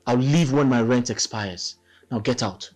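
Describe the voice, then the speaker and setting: A man's voice: mid-range voice, measured pace, darkish tone, faint music behind, lightly acted. An actor with a Nigerian accent playing a grieving man who was betrayed by his wife, in a film drama. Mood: furious.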